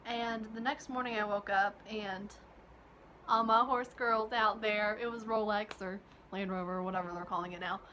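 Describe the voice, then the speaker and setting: In a casual, chatty storytime vlog full of giggles, a young woman from Kentucky tells a personal story. Her mid-range voice keeps a fairly even intonation and a moderate pace, with a bright, forceful tone. There is slight background noise.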